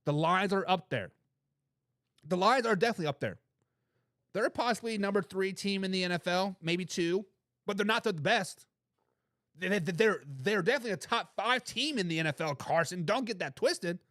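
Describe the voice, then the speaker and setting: The host of a football talk show, a man with a high voice, speaks at normal speed, reading the chat and making his arguments forcefully. He's animated and opinionated and keeps repeating phrases for emphasis, recorded in studio quality without echo.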